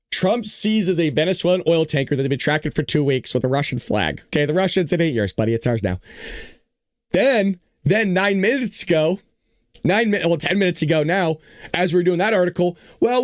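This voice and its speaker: Dude with a worn out hoarse voice, riffing on the news, kinda high, dead dry sound. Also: male voice, no room sound. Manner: animated, joking, talks to the audience. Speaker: show host. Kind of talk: casual political commentary.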